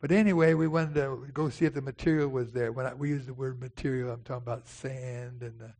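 A man's voice: mid-range voice, fairly even intonation, a little fast, darkish tone. An older man, preaching a sermon and telling a folksy personal story, calling out to people in the congregation by name. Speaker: pastor.

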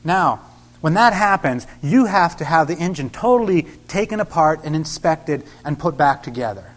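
A middle-aged man preaching, telling a personal story and acting out the dialogue with sudden loud bursts. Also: on the high side, expressive, moderate pace. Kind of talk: sermon storytelling.

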